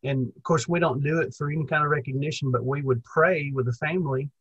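Husky young male minister, rambling. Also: fairly high pitch, fast, muffled recording. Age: young adult. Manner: rambling, many restarts, chuckles. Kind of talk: conversational Bible lesson.

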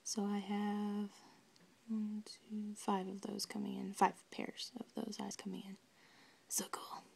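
A woman chatting casually and excitedly, giggling and drifting into soft whispers. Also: mid-range voice, unhurried, gravelly, breathy edge. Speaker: doll maker vlogger. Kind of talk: casual chat.

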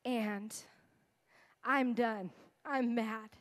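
A woman's voice: fairly high pitch, steady tone, very slow. A woman in her thirties giving an earnest, emotional testimony as a guest speaker in a sermon. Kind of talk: sermon storytelling.

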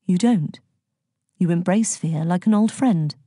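A woman reading the part of a gentle, loving mother in an audiobook, soft and tender, sometimes slipping into anxious confusion. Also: lowish voice, measured pace, husky, no echo, studio quality.

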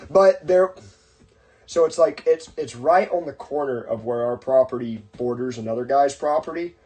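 A man with a mid-range voice tells a long story in relaxed podcast chat. He rambles and circles back, with lots of "uh" and "like" and restarted sentences. His tone stays easygoing and conversational. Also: medium pitch, normal speed. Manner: rambling, with many fillers and restarts. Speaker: podcast host.

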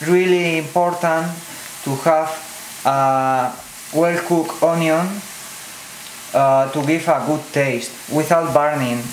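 Man, Spanish accent, slow careful cooking demo, fairly high voice, echoey kitchen, faint sizzling pan. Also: slight background noise. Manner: slow, careful, non-native phrasing with fillers. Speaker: cooking channel host. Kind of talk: step-by-step cooking demonstration. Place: home kitchen.

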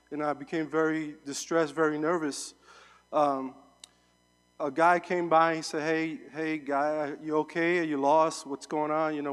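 A young man delivers a sermon as a guest speaker, chatting through a personal story with plenty of ums and restarts. His voice sits a bit high. The sound rings out with the long reverb of a large hall. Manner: conversational storytelling with fillers. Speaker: guest preacher.

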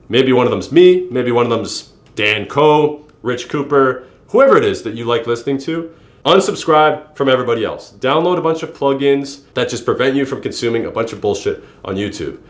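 A young man giving blunt life advice to the camera, swearing and calling the listener bro. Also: roomy sound. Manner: brash, swearing, calls listener "bro", lively pitch jumps. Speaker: YouTuber giving self-improvement advice. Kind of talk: casual direct-to-camera advice monologue.

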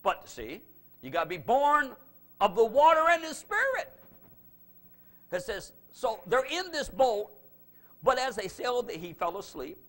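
A man preaching a revival sermon as pastor, who swings from loud, fervent preaching to low, confiding talk. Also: very animated, a little slow, pauses often. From United States.

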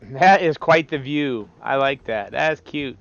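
A man's voice: medium pitch, measured pace, a bit bright, muffled recording, soft background music. A man giving casual, profane gameplay commentary as a streamer, exasperated and talking to the game. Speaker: let's play streamer.

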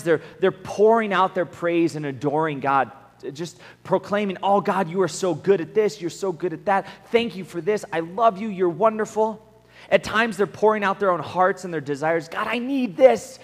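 A man's voice: fairly high pitch, fairly bright tone. Earnest man preaching in an echoing hall. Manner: earnest, acts out prayers in quoted voices, asks the room "right?". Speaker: camp speaker. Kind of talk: casual conversational sermon. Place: large meeting hall at a camp. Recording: long hall reverb.

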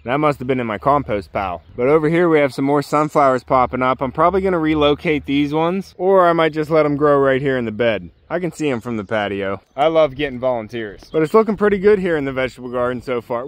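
A man's voice: medium pitch, lively intonation, quick pace, hardly any pauses, no echo. A man giving a casual walking tour of his garden outdoors, chatty and easygoing, joking along the way. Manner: easygoing, chatty, jokes and breaks off to talk to his dogs. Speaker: homesteader showing his garden.

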